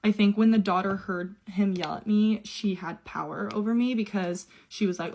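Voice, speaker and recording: A woman's voice: mid-range voice, brisk, slight background noise. A young adult woman telling her own story in a casual way, chatty and run-on, with quoted dialogue.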